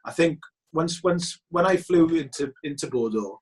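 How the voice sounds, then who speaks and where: A man, a film director telling stories in a casual interview, animated and chatty, with frequent restarts. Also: a little high, moderate pace. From Wales. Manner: animated, chatty, many restarts and re-enacted quotes.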